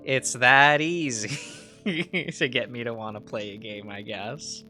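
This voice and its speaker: A man's voice: mid-range voice, fairly even intonation, slow pace, bright, forceful tone, faint music behind. A man streaming a visual novel, reading it aloud with chuckling asides.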